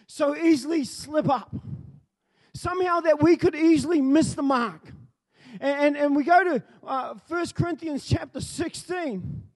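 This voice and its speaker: A man preaching a sermon, telling an animated story, acting out the scenes and often breaking into shouts. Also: very high voice.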